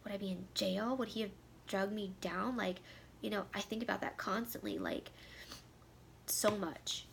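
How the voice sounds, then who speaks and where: A tearful woman in her thirties speaks openly to the camera, her voice gravelly with vocal fry. At times she drops to a near whisper. A faint hiss sits under her voice. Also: mid-range voice, expressive, moderate pace, fairly bright tone. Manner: emotional, heartfelt, voice dropping to a near whisper at times. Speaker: vlogger. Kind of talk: candid personal talk to camera.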